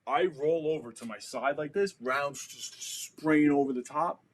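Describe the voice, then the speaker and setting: His voice fairly high and unhurried, an American man in his forties tells a war story as a podcast guest. The telling is casual, vivid and full of profanity, with the dialogue acted out.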